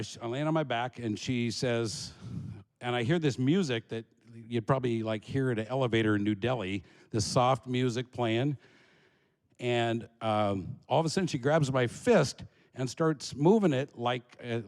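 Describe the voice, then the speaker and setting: A man from Alaska telling a comic story about himself, animated and laughing as he goes. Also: mid-range voice, big-room sound.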